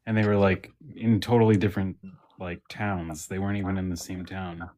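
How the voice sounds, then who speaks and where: A man with a fairly low voice chats loosely on a podcast with friends. He circles around his point, full of "like" and restarts. His talk stays relaxed and conversational. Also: a little fast. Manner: rambling, with many fillers and restarts. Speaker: podcast co-host. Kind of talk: casual chat.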